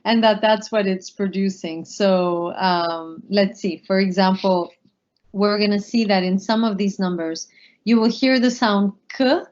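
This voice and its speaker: A woman teaching a language class, explaining rules in a relaxed, conversational way with fillers. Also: mid-range voice, unhurried. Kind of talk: explaining in a lesson. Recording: dull lo-fi sound.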